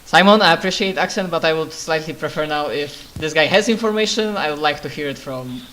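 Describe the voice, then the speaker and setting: A man playing a tabletop game, speaking deliberately with non-native phrasing. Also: on the high side, bright, forceful tone, low-quality recording. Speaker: player.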